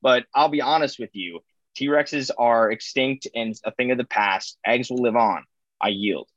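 A man's voice: mid-range voice, a little slow, no echo, lo-fi sound. A man in a comedic mock debate on a podcast, teasing and mocking his opponent's argument. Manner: teasing, mocking, laughs often.

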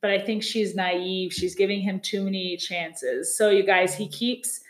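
A chatty woman recaps reality TV in a loose, casual way, slipping into quick put-on voices for the people she talks about. Her voice sits at an ordinary middle pitch. The room around her sounds echoey. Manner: chatty, laughs often, quotes people in lively put-on voices. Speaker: podcast co-host.

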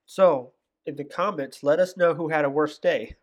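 Teasing podcast co-host, mid-pitched voice. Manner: teasing, quick to laugh. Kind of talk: casual chat.

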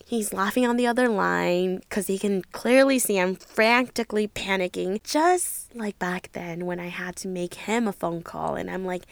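A young woman telling a dramatic dating story in a casual vlog, animated, swinging between hushed whispers and loud exclamations, swearing and laughing at herself. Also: medium pitch, moderate pace, creaky, few pauses, no room sound. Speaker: vlogger.

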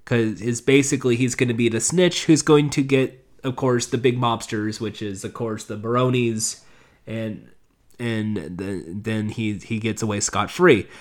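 A man's voice: mid-range voice, fairly even intonation, measured pace. A man casually recapping a TV episode, rambling with sarcastic asides. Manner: rambling, with many fillers and restarts. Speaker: show reviewer.

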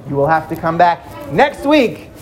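A man telling a dramatic story to children, swinging between loud and hushed. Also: fairly high pitch, very animated, normal speed, a little hiss or hum.

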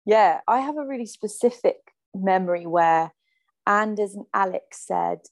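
A woman's voice: medium pitch, unhurried, creaky, dry recording. A young woman guest on a podcast, chatting casually and supportively about shared memories. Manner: warm, supportive, agreeable. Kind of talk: casual reminiscing chat.

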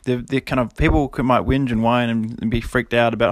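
Over background noise, a man in his thirties delivers a casual, rambling solo monologue on his own podcast, brisk and fairly even in intonation with a mid-range voice. He's self-deprecating yet motivational and laughs frequently.

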